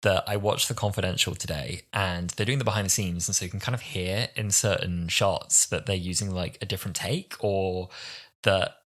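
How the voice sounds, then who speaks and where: A man in his twenties co-hosting a casual podcast chat, animated and acting out quotes with big jumps in his voice. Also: low voice, normal speed. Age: 20s. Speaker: podcast co-host.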